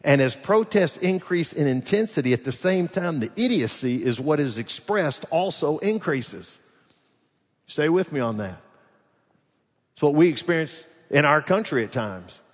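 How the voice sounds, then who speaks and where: A man preaching a sermon as pastor, animated, swinging between loud rises and quiet drops as he voices the people's complaints. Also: fairly high pitch, unhurried. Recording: long hall reverb.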